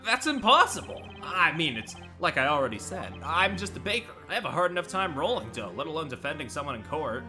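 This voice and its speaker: A man's voice: high voice, wildly swooping pitch, moderate pace, few pauses. A man voicing a flustered young male baker who keeps protesting that he is no lawyer. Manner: flustered, incredulous. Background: game music.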